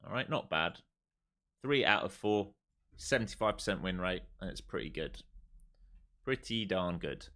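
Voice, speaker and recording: A man hosts a live trading stream with a fairly low voice, calling out price levels as he goes. He repeats himself often and mixes urging commands with offhand jokes. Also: animated, normal speed, long pauses, bright, forceful tone. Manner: jokey, repetitive, urging. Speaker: live stream host and trader.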